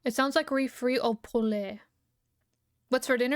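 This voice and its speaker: A woman's voice: high-pitched, moderate pace, pauses often, clean tone, dry recording, clean studio sound. A young woman streamer chatting casually and loosely, humming and giggling between thoughts while she eats. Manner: relaxed, rambling, hums and giggles often. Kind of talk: casual livestream chat.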